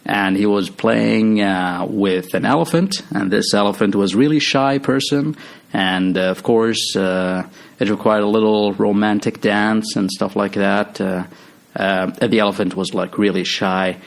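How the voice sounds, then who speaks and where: A man's voice: lowish voice, a little slow, gravelly. A man casually retelling a movie's story, rambling with lots of fillers and restarts. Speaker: movie recap host.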